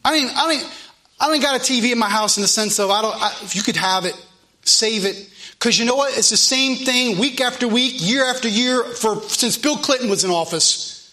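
Man, pastor, loud animated sermon, repeats himself, high bright voice. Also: fairly quick.

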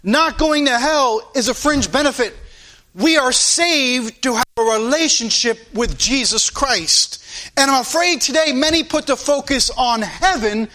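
A man's voice: very high-pitched, animated, unhurried, sharp tone. A man preaching a sermon to his congregation, fervent and repetitive, stretching out key phrases for emphasis. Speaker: pastor.

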